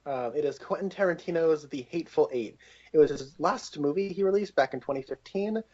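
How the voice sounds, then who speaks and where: A man with a slightly higher-pitched voice co-hosts a casual movie review chat, blunt and a little dismissive, sprinkling "um" and "like" through his talk. The recording is dull and lo-fi. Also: a little fast, a little mellow. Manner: blunt, dismissive opinions with many fillers. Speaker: podcast co-host. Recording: lo-fi, dull sound.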